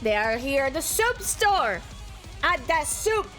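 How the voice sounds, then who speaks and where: A woman streamer, a native French speaker, chatting casually and reading her chat aloud, bubbly and excitable. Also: high voice, slow, soft background music. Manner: bubbly, excitable, squeals greetings to viewers.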